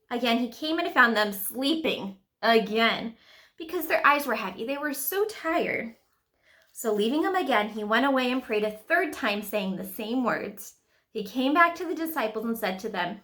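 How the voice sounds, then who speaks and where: A woman's voice: on the high side, expressive, normal speed, bright, forceful tone. Chatty woman leading a kids' devotion. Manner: casual, chatty, asks kids questions. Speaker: children's ministry leader.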